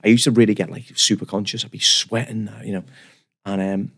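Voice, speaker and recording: A man, sitting in as a guest on a chatty podcast. He talks fast and tumbles through his stories with restarts, poking fun at himself, and his lowish voice carries a gravelly edge. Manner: animated, self-deprecating, rambling with restarts. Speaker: guest barber. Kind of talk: casual podcast storytelling.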